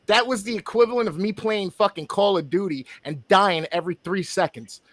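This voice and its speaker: A man in casual podcast chat, swearing freely as he tells an animated story. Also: sits high, a little fast, dry recording.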